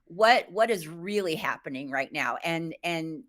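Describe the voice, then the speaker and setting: A woman in her fifties talks as a live stream interview guest, candid and reflective with a self-deprecating streak. Her voice sits fairly low but sounds bright and forceful. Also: expressive, a little slow.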